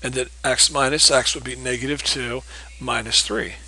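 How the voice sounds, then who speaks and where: Male teacher, bright edgy tone, a bit husky; patient, repeats key points with frequent "okay?" checks. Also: medium pitch, fairly even intonation, moderate pace, low-quality recording. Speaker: math teacher. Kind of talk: recorded geometry lesson.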